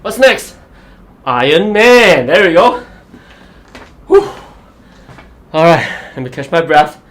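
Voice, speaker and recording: A man's voice: on the high side, very animated, slow pace, a bit bright, roomy sound. A man hosting a live golf fitness show, talking energetically and motivating viewers through exercises. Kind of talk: live-streamed workout and golf tips.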